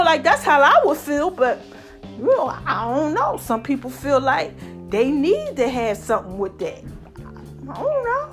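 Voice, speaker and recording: A woman hosting her own podcast in casual solo chat, laughing often and calling her listeners baby and y'all. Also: high-pitched. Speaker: podcast host.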